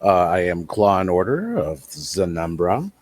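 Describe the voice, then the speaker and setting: A man playing a scheming adventurer who haggles in a slow, deliberate way. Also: sits low, sing-song, a crowd in the background. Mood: confused. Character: scheming mercenary adventurer named Claw and Order.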